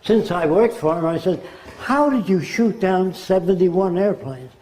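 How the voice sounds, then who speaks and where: A man's voice: sits high, lively intonation, a little slow, warm tone, a little hiss or hum. An American man in his nineties giving a conversational public lecture, now and then mimicking accents. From United States. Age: 90s. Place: lecture hall. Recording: roomy hall echo.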